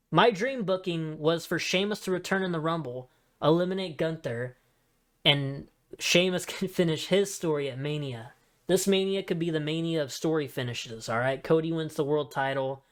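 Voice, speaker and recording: A man hosting a podcast in a casual solo chat, talking in an excitable, rambling way with many asides. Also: a little high. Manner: excitable, rambling fan talk with frequent fillers and asides. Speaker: wrestling podcast host.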